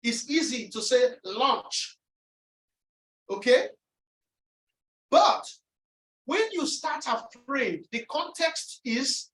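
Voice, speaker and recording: A woman delivers an emphatic motivational lecture in a somewhat high voice. She repeats her key lines for emphasis and acts out other people's inner voices. The mic sits far from her in an echoey room. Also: animated, drawn-out words, long pauses, a bit bright. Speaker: speaker presenting on resilience.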